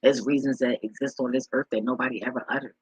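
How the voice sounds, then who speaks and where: A man's voice: mid-range voice, fairly even intonation, fast talker, breathy edge, dry recording, low-quality recording. A man vlogging in casual chat, rambling with frequent swearing and repeated words.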